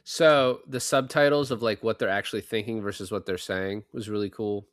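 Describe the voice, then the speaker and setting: A man co-hosting a podcast who retells film scenes in a relaxed, casual way. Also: on the low side, moderate pace, dry recording, clean studio sound. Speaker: podcast co-host.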